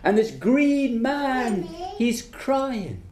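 A woman telling a folk tale aloud, with dramatic, repetitive, drawn-out phrasing. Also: mid-range voice, a crowd in the background. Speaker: storyteller. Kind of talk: oral storytelling. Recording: roomy echo with music behind.

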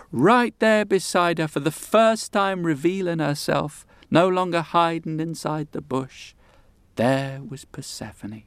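A man telling a folk tale with unhurried, dramatic pauses and folksy asides, over guitar music. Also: on the high side, dry recording. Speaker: storyteller. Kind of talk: oral storytelling.

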